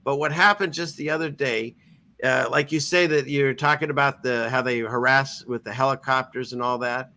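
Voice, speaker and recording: Bright-voiced man rambling through a story. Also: mid-range voice, steady tone, moderate pace. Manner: rambling, restarts often, laughs easily. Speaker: podcast host. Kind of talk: casual chat.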